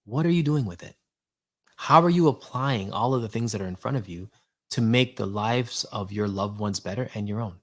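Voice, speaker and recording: A man hosting an animated, casual motivational talk, full of rhetorical questions and quick laughs. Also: fairly low pitch. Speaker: host.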